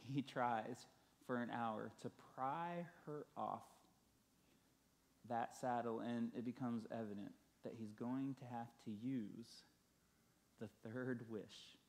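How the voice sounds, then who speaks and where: A man's voice: mid-range voice, takes it slowly, creaky. A male pastor preaching a sermon, telling a story and building emphasis through repeated phrases.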